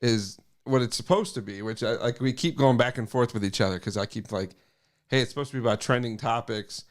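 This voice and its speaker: A man's voice: mid-range voice, brisk. Guy on a podcast chatting, laughs a lot, mid voice, does little impressions of his buddies. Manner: laughing storyteller, mimics friends. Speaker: podcast co-host of another show. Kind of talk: casual chat.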